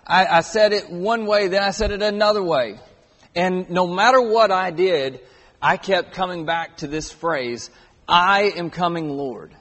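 A man's voice: high voice, a little slow, a bit bright. A man in his thirties preaching a sermon in a church auditorium, earnest and stressing key words. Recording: long hall reverb.

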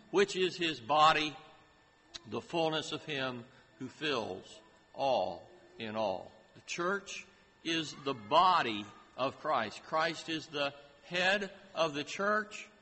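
A man preaching a sermon in a slow, deliberate way, lifting his voice to stress key phrases. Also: a little high, expressive, sharp tone. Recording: hall reverb with faint ambient noise.

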